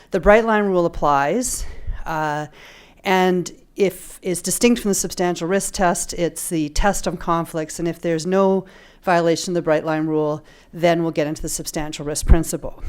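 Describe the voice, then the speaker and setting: A woman's voice: lowish voice, a little mellow, clean tone. Analytical woman on a law panel. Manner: measured, analytical, occasional dry humor. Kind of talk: panel talk on legal ethics. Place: lecture room at a panel event.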